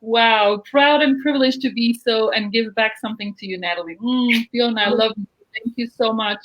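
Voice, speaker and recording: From her home in Jerusalem, a woman hosts a live video-call interview for an online show, gushing and effusive. Her voice is a little high at a moderate pace, and the audio sounds dull.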